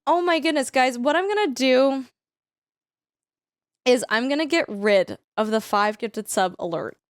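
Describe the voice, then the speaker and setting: A young woman from Canada, a streamer chatting casually with viewers while playing a farming game, self-deprecating and quick to thank people. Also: high voice, lively intonation, clear, resonant tone, no room sound. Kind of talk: casual livestream chat while gaming.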